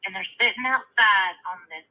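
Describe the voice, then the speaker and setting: A woman calling in to a live show, slowly telling a long joke in a drawling storyteller way. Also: mid-range voice, pushed and bright. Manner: slow drawling storyteller, laughs at her own joke. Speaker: caller. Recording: tinny phone line.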